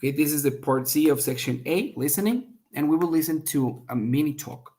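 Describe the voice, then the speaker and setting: A man's voice: a little high, fairly quick. Man teaching test prep, many "okay?" checks. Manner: explains step by step, checks in with frequent "okay?"; acts out example lines with sharp emphasis. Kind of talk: online class lecture.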